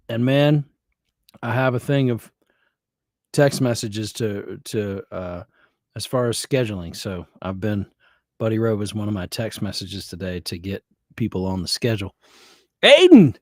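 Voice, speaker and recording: The voice is male, fairly low in pitch and darkish, recorded with no room sound. He's a middle-aged host of a home-studio live music stream, keeping the chat loose and rambling and often drifting off into filler words.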